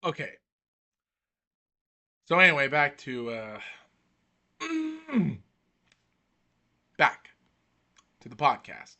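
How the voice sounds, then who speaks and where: Slow-talking man hosting a boxing podcast. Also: on the high side, huge pitch swings, sharp tone. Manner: exasperated, calls out hello over and over; rambling with restarts and fillers. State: catching his breath. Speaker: podcast host. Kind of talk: casual boxing podcast talk.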